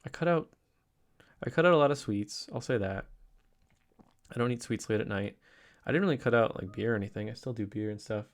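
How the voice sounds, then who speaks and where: A young adult man rambles through a casual daily vlog. His voice sits a little low, and he sounds upbeat and excited. He keeps restarting his sentences and filling gaps. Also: a little fast, long pauses. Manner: rambling, many restarts and fillers. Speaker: vlogger.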